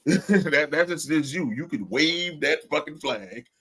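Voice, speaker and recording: A man's voice: fairly high pitch, expressive, takes it slowly, a bit bright, husky. A man co-hosting a podcast in casual chat, ranting with lots of swearing and frequent laughter. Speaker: podcast co-host.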